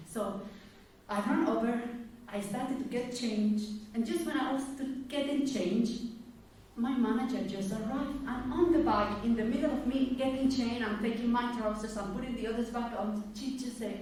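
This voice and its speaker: A woman's voice: medium pitch, normal speed, darkish tone, a little hiss or hum. Woman preaching in an echoey church. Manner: storytelling, acting out quoted voices, candid. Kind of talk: personal testimony sermon. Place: church hall. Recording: echoey church hall, mic at a distance.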